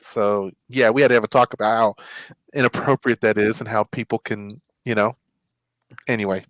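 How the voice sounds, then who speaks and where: A man hosting a casual chat show, telling stories in an animated way. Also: on the low side, moderate pace, no echo, poor audio. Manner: animated storyteller. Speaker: host.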